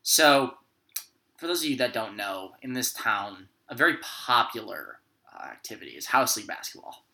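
A man's voice: mid-range voice, sing-song, moderate pace, creaky, sharp tone. A man in casual podcast chat, making dry, wry remarks with lots of "uh" fillers.

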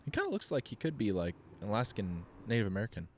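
A man's voice: lowish voice, very animated, fast, darkish tone, slight background noise. A man co-hosting a casual podcast, laid-back, often trailing off mid-sentence and chiming in with agreement. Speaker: podcast co-host.

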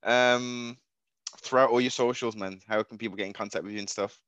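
A man's voice: mid-range voice, steady tone, fairly quick, fairly bright tone, clear, resonant tone, no room sound, lo-fi sound. A male interview host who answers with short affirmations in a laid-back, casual way.

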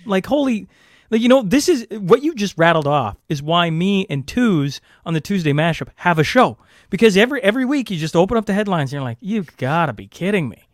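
A man's voice: sits high, expressive, fairly quick, dry recording, clean studio sound. A man hosting a podcast, chatting casually and joking in disbelief. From Canada. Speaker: podcast host.

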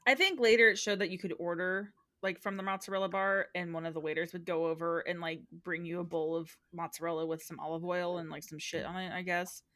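A woman's voice: lowish voice, fairly even intonation, quick pace, few pauses, fairly bright tone, no room sound. A woman recapping a show in casual podcast chat, giggly, with dry jokes.

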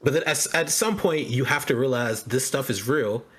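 A man on a casual podcast, airing frank complaints about a show. His voice is a little husky and sits at a middle pitch. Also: fairly bright tone. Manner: frank, venting gripes with quick asides. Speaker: podcast co-host. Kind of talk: casual chat discussing a TV show.

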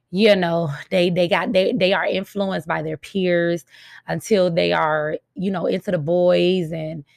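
Frank mother venting, low gravelly voice. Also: darkish tone, no echo, clean studio sound. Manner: frank, emphatic, repeats points for stress. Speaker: mother and vlogger. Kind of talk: casual venting monologue to viewers.

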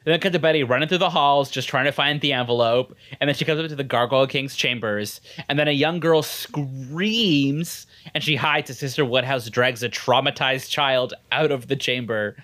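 A woman's voice: very deep voice, moderate pace, hardly any pauses, fairly bright tone. A woman chatting casually, recapping a TV episode and acting out characters' lines in exaggerated voices.

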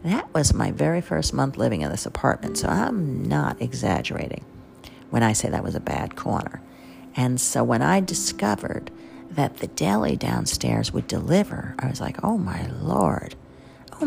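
A woman's voice: rumbling low, vocal fry, darkish tone. A woman with a New York accent hosting her own podcast, telling rambling, self-deprecating stories in a chatty way. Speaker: podcast host and caterer. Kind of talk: casual storytelling monologue.

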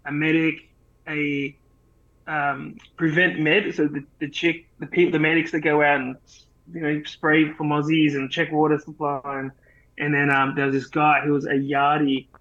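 Australian man, fairly high voice, easygoing swearing chat, muffled lo-fi mic. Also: flat delivery, normal speed, fairly bright tone. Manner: laid-back, profane, rambling. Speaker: podcast co-host. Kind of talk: casual chat.

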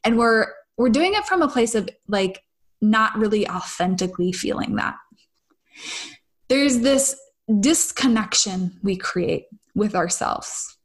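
A woman's voice: medium pitch, animated, measured pace. A young woman sharing a personal story with her audience in a confessional, casual way, swearing freely and often asking "right?". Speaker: spiritual vlogger.

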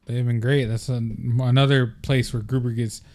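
A man's voice: mid-range voice, level tone, moderate pace, darkish tone. A young man co-hosting a podcast, chatting casually in a laid-back, joking way with a lot of swearing. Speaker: podcast co-host. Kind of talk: casual chat.

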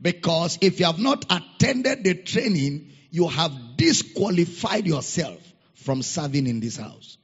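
A man's voice: on the high side, sing-song, a little slow, slightly rough. A man preaching a sermon as pastor, repeating his key phrases and calling for amens from the congregation. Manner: repeats key phrases, rousing call-and-response. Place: church auditorium. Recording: muffled echoey church hall.

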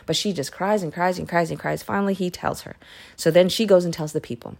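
Woman, low-pitched, relaxed devotional podcaster, conversational Bible retelling full of asides. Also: brisk, creaky. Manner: chatty, with self-corrections and asides. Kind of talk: casual Bible story retelling.

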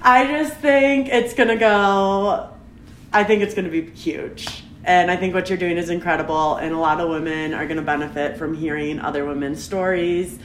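Young woman guest, slightly low voice, roomy echo, sweet and supportive. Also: steady tone, moderate pace, slight background noise. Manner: warm, supportive, affectionate. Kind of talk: casual podcast chat.

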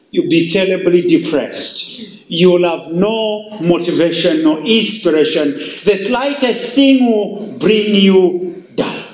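A male pastor preaching a sermon, slow and emphatic, with dramatic pauses. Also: on the high side, reverberant, poor audio.

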